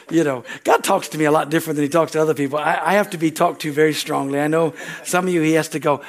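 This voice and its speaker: An older man preaches from the pulpit, his fairly high voice rising and falling as he acts out conversations. He tells stories with humor and breaks into laughter along the way. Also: fast. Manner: animated storytelling, acts out dialogue, laughs often. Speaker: pastor. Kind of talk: sermon.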